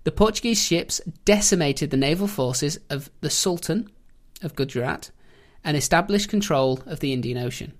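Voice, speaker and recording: A man's voice: a little high, lively intonation, moderate pace, hardly any pauses. Man, podcast host, casual history chat, playful storytelling. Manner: jokey storytelling, laughs often.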